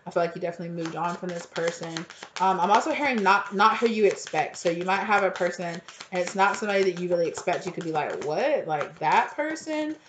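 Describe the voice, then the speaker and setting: A woman's voice: fairly low pitch, reverberant, background noise. A woman giving a casual tarot reading to her viewers, talking loosely with lots of fillers and repeated words. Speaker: tarot reader.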